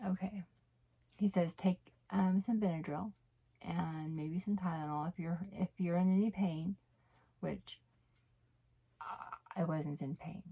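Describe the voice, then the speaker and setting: Woman, vlogger, low voice, gravelly, candid, rambling, sometimes near a whisper. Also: fairly even intonation, a little slow, darkish tone. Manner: candid, rambling, self-correcting, often dropping to a near whisper. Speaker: vlogger sharing her recovery story. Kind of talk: personal storytelling to camera.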